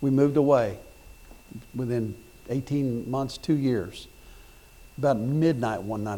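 A middle-aged male pastor preaches a sermon, telling folksy stories with repeated words and restarts before rising to loud, emphatic points. His voice is mid-range and his pace moderate.

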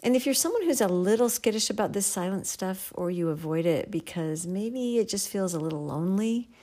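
A woman giving a devotional Bible teaching in a gentle, earnest way, sometimes dropping to a near whisper for emphasis. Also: mid-range voice, lively intonation, brisk.

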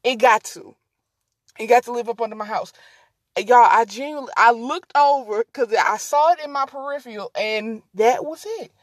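A woman's voice: on the high side, moderate pace, no room sound, clean studio sound. Chatty rambling podcaster woman, drawl. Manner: rambling, easily distracted, talks to listeners as y'all. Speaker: podcast host. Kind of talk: casual solo podcast chat.

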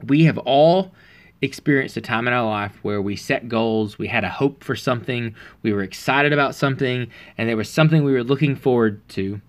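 A man preaching in a relaxed, earnest, conversational way, telling a personal story with frequent pauses and fillers. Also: medium pitch.

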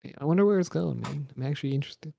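Gravelly, laid-back young man. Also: a little high, racing, warm tone, slight background noise. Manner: laid-back, laughs often, swears freely. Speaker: podcast co-host. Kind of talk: casual wrestling chat.

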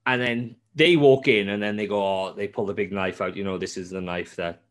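Animated swearing man retelling a game story. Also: fairly low pitch, a little fast. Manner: animated storytelling, heavy swearing, many restarts. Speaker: podcast host. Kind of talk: casual gaming chat.

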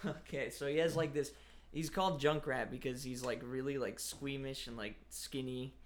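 A young college-age man talks in an easygoing, rambling way, peppering his speech with fillers and quick laughs. A faint hiss of background noise sits under the voice. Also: medium pitch, fairly even intonation. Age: young adult. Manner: laid-back, full of "like" fillers, laughs often. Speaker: college student. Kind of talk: casual chat.

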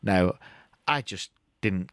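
A man's voice: sits low, animated, slow, fairly bright tone, clear, resonant tone, dry recording, studio quality. A man co-hosting a podcast, reading out odd news stories with chatty asides and restarts. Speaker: podcast co-host. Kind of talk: casual chat.

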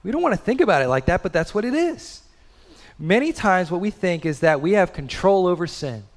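A man's voice: high-pitched, very animated, a little fast, big-room sound. A man in his thirties preaching a sermon in a conversational way, full of rhetorical questions. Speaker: pastor.

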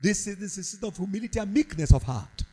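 A man's voice: sits high, lively intonation, very fast, dark tone, faint music behind, low-quality recording. A man preaching a sermon, fervent and repetitive, with a sing-song cadence.

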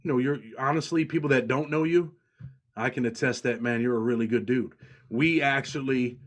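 A man's voice: mid-range voice, brisk. A man hosting a podcast in a casual chat, blunt and outspoken in how he talks. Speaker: podcast host.

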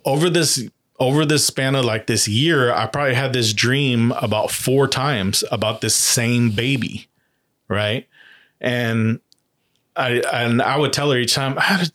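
A man telling a personal story in a halting, casual way, with many fillers and restarts. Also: mid-range voice, a bit bright. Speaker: guest, adoptive parent.

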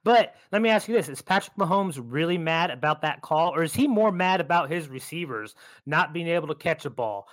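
A man co-hosting a sports podcast, making his points in a measured, reasoning way. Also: a little high, lively intonation, fairly bright tone, no room sound. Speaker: podcast co-host.

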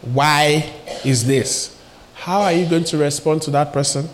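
Animated conversational male preacher. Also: a little high, a little slow, slight background noise. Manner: lively, conversational, asks the audience questions; acts out little scenes with quoted voices. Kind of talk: sermon.

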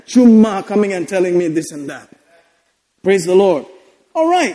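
Exuberant high-voiced preacher man in a hall. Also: expressive, moderate pace. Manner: exuberant, laughing, repeats phrases, shouts of hallelujah. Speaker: pastor. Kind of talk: sermon.

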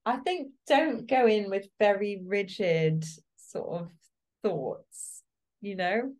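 A woman's voice: mid-range voice, slow pace. A woman working as a casting director, talking animatedly as an interview guest and laughing often. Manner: animated, laughs often, acts out quoted reactions. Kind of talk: interview guest, casual conversation.

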